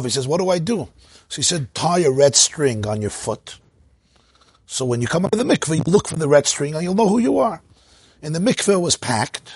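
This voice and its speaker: A man with a very husky, rough voice gives an informal Torah talk, chatty and laughing as he explains, dropping Hebrew and Yiddish words. The recording is dry and close, with no room sound. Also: a little high, no echo. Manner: lively storytelling, laughs often, sprinkles Hebrew and Yiddish terms. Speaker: rabbi teaching.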